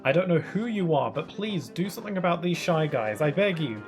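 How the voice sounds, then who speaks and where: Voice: mid-range voice, very animated, fast, faint music behind, voice pushed up, natural voice. A streamer doing an indignant Toad head chef. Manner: indignant, exclaiming.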